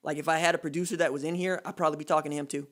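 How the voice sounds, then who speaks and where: A man hosting a solo sports podcast, talking in an animated, emphatic trash-talking way with casual slang. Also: fairly high pitch, rapid-fire. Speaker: podcast host.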